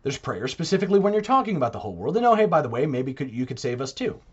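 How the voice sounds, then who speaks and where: Guy rambling on his podcast, kinda husky, voice jumps around a lot, muffled audio. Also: mid-range voice, racing. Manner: animated, mock voices in quotes. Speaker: Catholic podcaster. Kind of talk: casual monologue.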